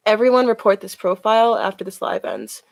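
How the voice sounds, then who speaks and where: A woman talking casually on a live stream while she reads tarot cards. She is chatty and loose, with "like" dropped all through her speech. Her voice is mid-pitched and sounds dry and close, with no room echo. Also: gravelly. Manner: chatty, with many "like" fillers.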